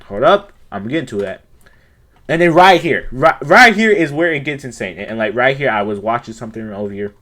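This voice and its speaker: A man's voice: medium pitch, lively intonation, brisk, fairly bright tone. A young man giving ranting, incredulous commentary on screenshots as a video host.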